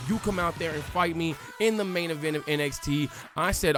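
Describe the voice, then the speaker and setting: A man's voice: fairly high pitch, brisk, few pauses. A man giving casual, joking let's-play commentary and acting out crowd chants as he tells the story. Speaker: gaming YouTuber. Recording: faint music underneath.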